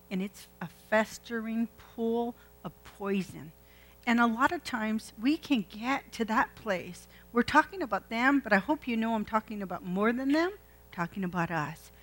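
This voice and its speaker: A woman's voice: fairly high pitch, poor audio. A woman preaching a sermon, retelling a scripture story in a chatty way and putting questions to the congregation. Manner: conversational, asks the congregation questions.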